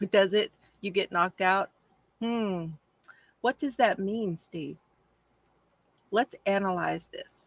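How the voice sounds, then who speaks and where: A woman's voice: medium pitch, slow, creaky, long pauses, dry recording. A woman hosting a casual crafting livestream, chatty and gushing as she answers viewer comments from home.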